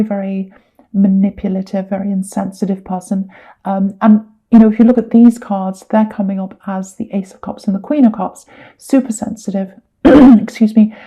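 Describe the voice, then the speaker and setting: A woman's voice: mid-range voice, warm tone. A woman giving a casual tarot reading, rambling, repeating words and correcting herself mid-sentence. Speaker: tarot reader.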